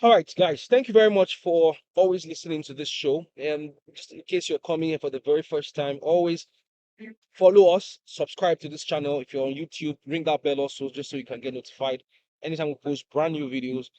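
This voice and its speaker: Give me a Nigerian man hosting a podcast with a slightly higher voice. He is upbeat and drops small fillers into his questions. The sound is dry and close. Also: steady tone, fairly quick, darkish tone, dry recording. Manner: upbeat, hesitant fillers when asking questions. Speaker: podcast host. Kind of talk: casual podcast chat.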